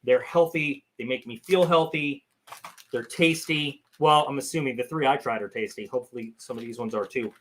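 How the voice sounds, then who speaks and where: A man's voice: medium pitch, moderate pace, a bit bright. A man hosting a casual live stream, chatting loosely to his viewers and rambling between topics. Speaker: channel host.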